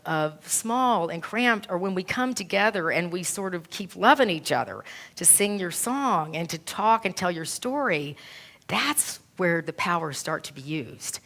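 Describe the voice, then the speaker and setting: A woman's voice: fairly low pitch, lively intonation, a little slow, fairly bright tone. A woman minister preaches to her congregation, weaving a personal story into the sermon. Her delivery is earnest and emotional, and she retells other people's words in her own voice. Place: church.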